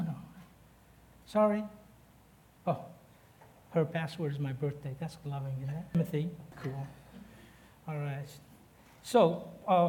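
A high-pitched man preaching to a congregation. He mixes playful asides and banter with the people in the pews, then climbs higher and louder as he drives home the scripture. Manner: jokey, chatty asides to the congregation; rises in pitch and force when preaching the text. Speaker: guest preacher. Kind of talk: sermon.

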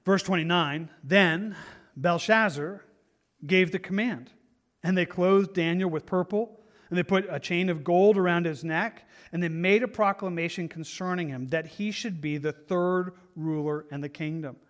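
A man with a fairly high voice preaches to his congregation in a church. He speaks earnestly and with emphasis, sometimes stumbling over repeated words as he drives his point home. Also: moderate pace. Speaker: pastor. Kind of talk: sermon. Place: church sanctuary.

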